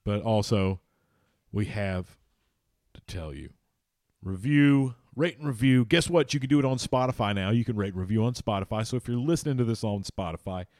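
A man's voice: on the low side, animated, moderate pace, a little mellow, no room sound, studio quality. A man co-hosting a casual sports podcast, loose and rambling, swearing freely. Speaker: podcast co-host.

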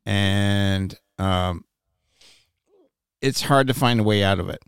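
A man's voice: fairly low pitch, slow, clean tone, no echo, studio quality. A man from Newfoundland hosting a podcast, crude, joking and rambling in casual chat. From Newfoundland, Canada. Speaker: podcast host.

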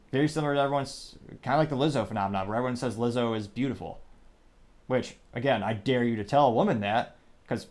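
A man at a middle pitch hosts his own show, talking through an opinionated commentary. His delivery is sarcastic and dismissive. He rambles and keeps breaking off to restart his thoughts. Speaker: podcast host.

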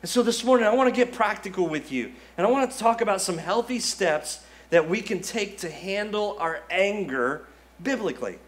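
Guy pastor preaching, casual and chatty, voice sits a bit high. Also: animated, moderate pace. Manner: conversational preaching with quoted asides. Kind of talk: sermon. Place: church sanctuary.

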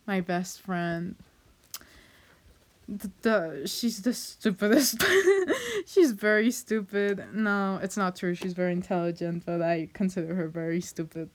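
A young woman speaking in an emotional, hesitant way, often breaking into nervous laughs and using lots of fillers as she talks to her viewers. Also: mid-range voice. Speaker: vlogger. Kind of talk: personal heartfelt monologue.

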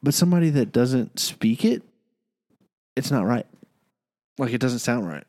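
A man's voice: medium pitch, expressive, a little slow, a little mellow, no room sound, clean studio sound. A young man co-hosting a casual podcast, teasing and joking with his co-host. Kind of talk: casual chat.

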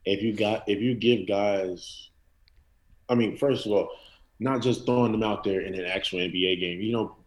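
A man's voice: lowish voice, moderate pace, low-quality recording. A man guesting on a casual sports podcast, talking in a loose, slangy, rambling way.

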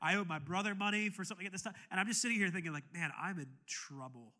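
A young man preaching in church with a very bright, forward voice that sits a little high. He tells his story casually, stumbling and restarting often, then rises to fervent, shouted exhortation. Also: racing. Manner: conversational storytelling with many restarts, building to impassioned shouting. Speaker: pastor. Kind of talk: sermon with personal story. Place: church sanctuary.

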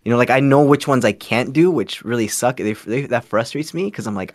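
A man's voice: mid-range voice, animated, normal speed, hardly any pauses, dry recording, clean studio sound. A man from Canada, a podcast guest, talking in a laid-back, rambling, self-deprecating way. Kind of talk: casual podcast chat.

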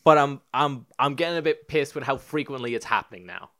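Young Irish male podcast co-host, animated rant, lively swooping pitch. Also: fairly quick. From Ireland. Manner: ranting, animated, swears freely. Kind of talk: casual chat.

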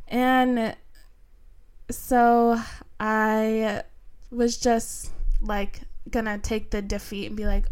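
A young woman hosting a podcast, chatting casually with lots of fillers and excited, emotional gratitude. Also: a little high, extremely slow, long pauses, clear, resonant tone. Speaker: podcast host. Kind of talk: casual chat.

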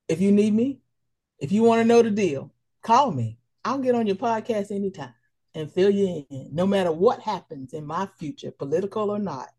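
A middle-aged woman with a husky, slightly breathy voice. Her pitch swings widely as she talks, motherly and full of feeling. She speaks as a guest in a casual podcast chat. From Prince George's County, Maryland. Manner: warm motherly praise, emotional. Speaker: guest, local official.

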